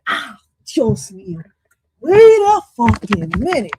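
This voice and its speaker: A woman's voice: a little high, lively intonation, moderate pace, dry recording. Brash, profane woman streamer, dry sound. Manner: loud, profane and playful, drops in Spanish phrases. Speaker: streamer reacting to an interview clip. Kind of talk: casual reaction commentary.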